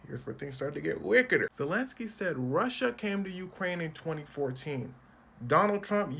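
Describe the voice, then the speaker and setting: A man's voice: a little high, vocal fry, slight background noise. A man giving a comedic, slangy recap of political news, joking as he goes. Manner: slangy, animated, jokey. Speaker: comedy commentary creator.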